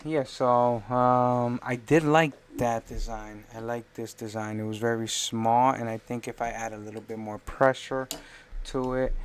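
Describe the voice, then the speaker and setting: A man live-streaming while he works on a design, thinking aloud in a rambling, self-correcting way. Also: on the low side.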